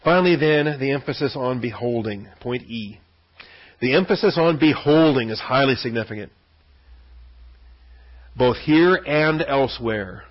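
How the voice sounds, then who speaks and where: A man teaches a Bible study in an easy, conversational way, often repeating himself and pausing to ask "okay?". His voice is husky and sits at an ordinary pitch for a man. The recording sounds dull and lo-fi. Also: expressive. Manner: conversational, repeats words, frequent "okay?" check-ins.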